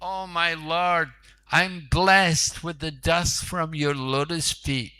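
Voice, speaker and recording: Devoted servant guy, emphatic, pitched up a bit, a preacher acting him out. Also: fairly even intonation, slow, sharp tone, smooth, no echo. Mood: humble. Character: devoted, tolerant male servant.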